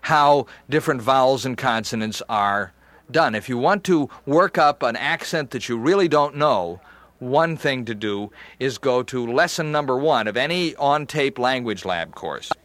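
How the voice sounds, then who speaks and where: A man's voice: medium pitch, animated, measured pace, a bit bright, dry recording. Casting: male accent-acting instructor, plain explanatory delivery, dry close recording. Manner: demonstrates accents mid-explanation.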